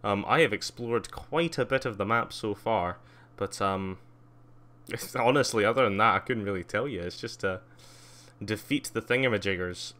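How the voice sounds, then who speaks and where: A man giving live gameplay commentary, excitable, squealing at jumps, laughing often and chatting with viewers. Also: lowish voice, normal speed. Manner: excitable, squeals gleefully at jumps and mocks himself; chats with viewers while playing, laughs often. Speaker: streamer playing a video game.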